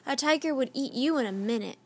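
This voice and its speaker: A woman's voice: high voice, lively intonation, fast talker, a little mellow, breathy edge, heavily acted. A woman reading aloud and voicing a cautious, thoughtful young boy who speaks in a careful, matter-of-fact way.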